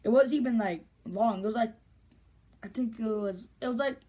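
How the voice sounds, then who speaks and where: A woman's voice: on the high side, moderate pace, mellow. A woman vlogger telling a story in casual, rambling, slangy speech with lots of restarts.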